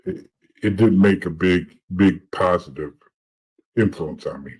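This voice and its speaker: A middle-aged former informant, appearing as a podcast guest, tells stories from his past in casual fashion, blunt and profane and often repeating words. His voice is low-pitched, husky and a little mellow, unhurried in pace, on a low-quality recording.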